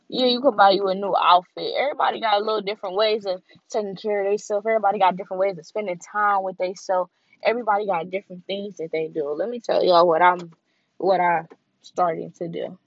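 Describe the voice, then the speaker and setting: A woman vlogger talking in a candid, heartfelt freestyle monologue, repeating herself as she goes. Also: mid-range voice. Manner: candid, heartfelt, repetitive and conversational. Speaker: vlogger and podcaster. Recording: dull lo-fi recording.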